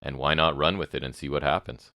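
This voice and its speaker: A man with an extremely deep voice co-hosts a podcast and trades opinionated, sarcastic takes in casual chat. He throws in quick asides. The close mic is dry and dead, with no room sound. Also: sharp tone, dry recording. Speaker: podcast co-host. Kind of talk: casual wrestling recap chat.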